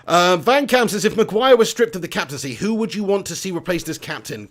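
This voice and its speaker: Bloke streaming a footy watch-along, chatty and excitable, swears a lot, voice sits a bit high. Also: male voice, a little fast. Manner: excitable, swears casually, laughs often. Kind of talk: casual live-stream chat.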